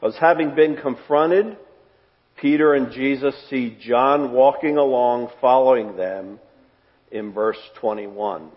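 A man preaching a sermon as pastor, earnest and repeating phrases for emphasis, his voice trailing off softly at the ends of phrases. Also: medium pitch, takes it slowly. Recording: dull sound with long hall reverb.

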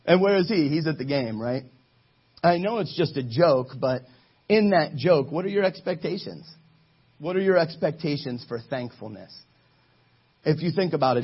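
A man's voice: fairly high pitch, slightly rough, lo-fi sound. A man giving a casual, joking sermon to a live group, telling stories in a chatty way.

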